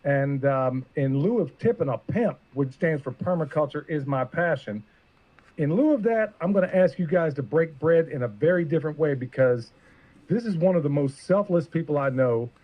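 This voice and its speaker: A man's voice: a little high, expressive, moderate pace, darkish tone. Earnest man hosting a live show. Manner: earnest, emotional, rambling. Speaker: podcast host. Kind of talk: live-streamed interview intro. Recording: muffled lo-fi stream audio.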